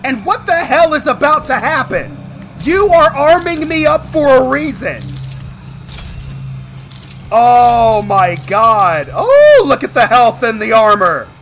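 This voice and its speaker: A man giving excited gameplay commentary as a gaming channel host, with loud, animated exclamations. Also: very high-pitched, normal speed, soft background music.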